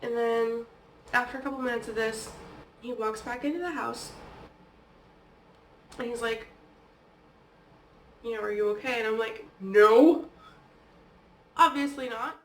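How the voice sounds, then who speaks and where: A woman vlogger with a somewhat high voice tells personal stories in a loose, conversational way. She keeps dropping "like" and "okay?" as she talks. She sits back from the mic in an echoey room with faint background noise. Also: steady tone, moderate pace, pauses often, fairly bright tone, distant mic. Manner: chatty, peppered with "like" and "okay?". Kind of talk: casual personal storytelling.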